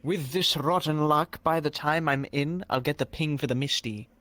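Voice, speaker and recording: A man's voice: a little high, normal speed, fairly bright tone, dry recording. A man chatting out of character in a VR game, exasperated and swearing often. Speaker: VR role-play player. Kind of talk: casual out-of-character chat.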